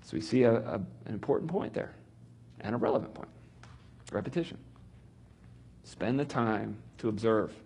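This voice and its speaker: A man's voice: lowish voice, lively intonation, normal speed, long pauses, a little mellow, a little hiss or hum. A middle-aged man teaching about reading Scripture in a conversational way, acting out the people he quotes. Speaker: Bible teacher.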